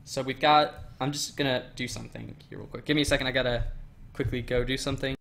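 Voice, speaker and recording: A man's voice: mid-range voice, fairly even intonation, fast talker, vocal fry, fairly bright tone. A young man casually chatting on a livestream, reading chat aloud and rambling with frequent ums while he works.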